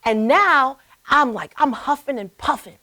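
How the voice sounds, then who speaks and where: A middle-aged woman hosting a talk show, telling a personal story with animated delivery and acted-out voices. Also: sits high, a little slow, low-quality recording. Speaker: host. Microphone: live stream.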